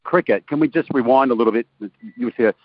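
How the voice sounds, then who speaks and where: A man's voice: mid-range voice, quick pace, no room sound, highs cut off. A man, a guest calling in by phone and telling jokey stories in a casual chat. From Australia. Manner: jokey storytelling. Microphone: phone line.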